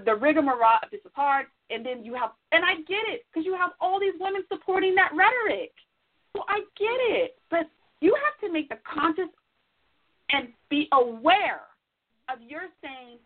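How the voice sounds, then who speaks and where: A woman's voice: sits high, lively intonation, normal speed. A woman co-hosting a casual advice talk show, speaking emphatically, repeating herself for stress and acting out inner voices. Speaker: podcast co-host. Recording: tinny phone-like audio.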